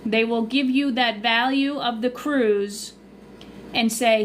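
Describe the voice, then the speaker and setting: A woman with a Long Island accent talks her viewers through cruise questions on a casual livestream. She is chatty and easily sidetracked, and her voice sits a little high. A faint hiss runs under the recording. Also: fairly even intonation, slow. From Long Island, New York. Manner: chatty, loses her train of thought. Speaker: travel agent and cruise livestreamer.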